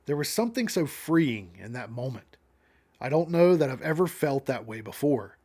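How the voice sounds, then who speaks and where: A man's voice: medium pitch, very animated, normal speed, darkish tone, breathy edge. A man reading the inner narration of a cold, detached woman in a comic. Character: calm, remorseless woman narrator, chillingly detached.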